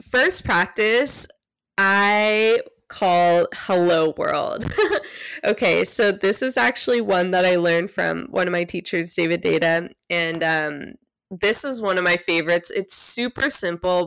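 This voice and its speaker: A woman hosting a solo podcast, talking gently and guiding listeners through a practice, sometimes dropping to a hush. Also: lowish voice, clear, resonant tone, no echo, studio quality. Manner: soft, gentle, unhurried guidance; drops to a hushed near-whisper when demonstrating. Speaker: podcast host.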